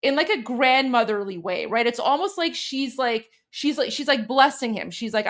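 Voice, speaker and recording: A woman's voice: fairly high pitch, lively intonation, normal speed, few pauses, a bit bright. Chatty Canadian woman hosting a commentary stream. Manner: chatty, many fillers and restarts, translating. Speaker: host. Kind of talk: casual commentary.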